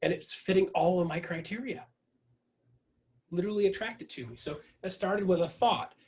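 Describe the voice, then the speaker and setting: This man's voice is high and his pace normal as he delivers a spirited pep talk to his team over a video meeting. He tells a story that circles back on itself again and again.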